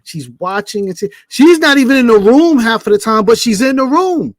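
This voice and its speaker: A man's voice: very high voice, expressive, brisk, no echo, studio quality. A man co-hosting a podcast in casual chat, emphatic and slangy. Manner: emphatic, slangy, repeats 'listen' and 'bro'. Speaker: podcast co-host.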